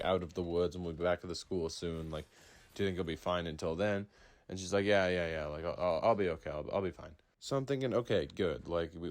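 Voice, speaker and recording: A young man telling a school story in a laid-back, casual way, full of likes and fillers. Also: low-pitched. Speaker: storytime narrator.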